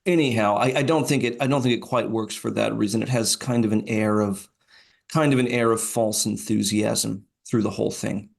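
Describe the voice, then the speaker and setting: A man's voice: on the low side, steady tone, normal speed, gravelly. A male podcast host giving informal poetry commentary, talking conversationally with frequent fillers and restarts.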